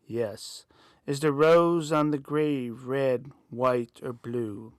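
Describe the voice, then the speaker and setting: A man voicing a sinister male spirit speaking over a staticky phone line, low and menacing. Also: fairly even intonation, drawn-out words, no room sound, clean studio sound.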